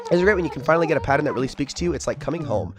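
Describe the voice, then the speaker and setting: A man voicing a cheerful female hedgehog shopkeeper in a video game, with bright, welcoming shop talk. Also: a little high, lively intonation, very fast, music in the background.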